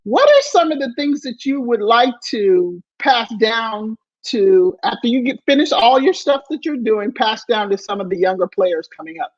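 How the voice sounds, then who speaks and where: A middle-aged woman hosting a casual chat, asking relaxed questions and laughing along. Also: fairly high pitch, normal speed, few pauses. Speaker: host, former tennis player. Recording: slightly dull, muffled audio.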